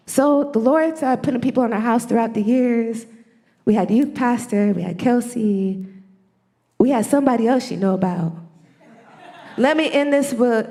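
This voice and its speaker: Brief: woman, church elder, lively storytelling testimony, slightly high voice. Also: vocal fry. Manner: animated storyteller, talks to the congregation directly.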